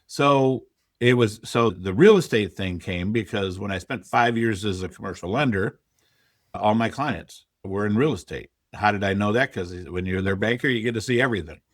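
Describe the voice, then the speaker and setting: A man's voice: on the low side, moderate pace, no echo, clean studio sound. A middle-aged man, a podcast guest, telling his story candidly and quoting his own past thoughts. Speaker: podcast guest, real estate investor. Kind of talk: conversational interview storytelling.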